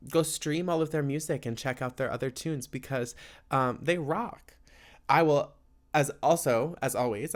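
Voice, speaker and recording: Casual male podcast host, loose and rambling, mid-pitched, plenty of ums and likes. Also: fairly bright tone. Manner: rambling, laid-back, filler-heavy. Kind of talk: casual solo chat.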